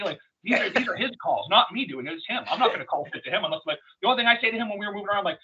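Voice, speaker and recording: A man, a wrestler guest on an interview podcast, telling stories in a profane, rambling, animated way. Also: fairly high pitch, rapid-fire, hardly any pauses, slightly rough. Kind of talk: casual storytelling interview. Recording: dull lo-fi podcast audio.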